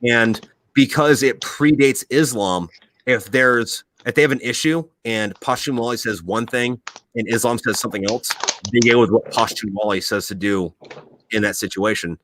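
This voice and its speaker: A man hosting a podcast who is a military veteran, telling profane, animated stories in casual chat. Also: medium pitch, normal speed, slight background noise.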